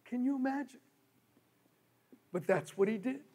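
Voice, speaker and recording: A male pastor preaching a sermon, telling stories and shifting from loud pleading to low murmurs. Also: moderate pace, breathy edge. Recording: long hall reverb.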